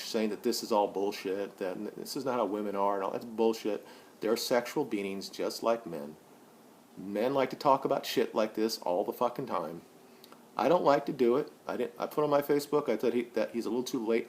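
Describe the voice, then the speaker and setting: Speaking his mind on camera, a man in his forties is blunt and foul-mouthed, rambling with many false starts. When he gets fired up his voice rises loud and high, and a slight hiss or hum sits under the audio.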